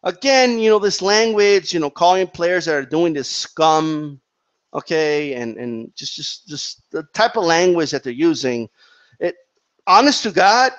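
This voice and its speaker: Heated high-voiced man ranting on a lo-fi mic. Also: lively intonation, unhurried. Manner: heated, repetitive, peppers with "right?" and "okay?". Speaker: boxing commentary channel host. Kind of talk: opinionated commentary monologue.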